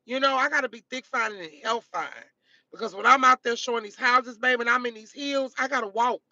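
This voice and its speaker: A woman's voice: a little high, brisk, pushed and bright, dry recording, lo-fi sound. A woman chatting casually to her viewers on a live stream from a car, emphatic and repetitive, calling them baby, honey and girl.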